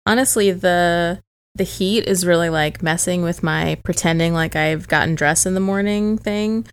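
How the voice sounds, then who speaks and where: A woman hosting a podcast, chatting casually, relaxed and self-deprecating, quick to laugh. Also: on the low side, clear, resonant tone. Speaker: podcast host. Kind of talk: casual chat.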